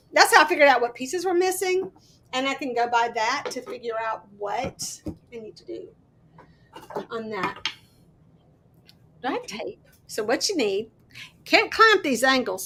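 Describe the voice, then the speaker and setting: A high-pitched woman with a bright, forceful voice hosts a casual crafting livestream. She chats away, thinks aloud as she works, and greets viewers by name. She sounds sleep-deprived. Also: lively intonation, measured pace, long pauses. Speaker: host of a miniatures crafting livestream.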